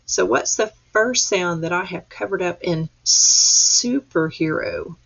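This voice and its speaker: A woman teacher leading a reading lesson for young children, patient and encouraging, sounding out letters slowly. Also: fairly low pitch, lively intonation, fairly bright tone, breathy edge, muffled recording. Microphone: webcam or computer mic.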